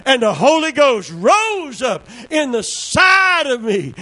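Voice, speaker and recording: A man's voice: very high-pitched, sing-song, slow, hardly any pauses, sharp tone, no echo, a faint crowd, poor audio. A man preaching a sermon to his congregation, a fervent preacher telling a personal testimony and repeating key words for emphasis. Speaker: pastor.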